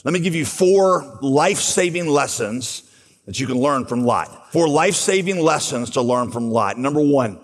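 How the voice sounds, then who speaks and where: Husky preacher in a reverberant hall. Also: male voice, mid-range voice, animated, normal speed. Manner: storytelling preacher, voices biblical dialogue. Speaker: pastor. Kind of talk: sermon.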